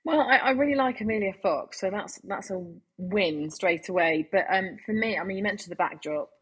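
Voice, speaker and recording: A woman's voice: mid-range voice, moderate pace, husky. A woman co-presenting a casual TV review, talking enthusiastically with frequent restarts. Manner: hesitant, many restarts, warm enthusiasm.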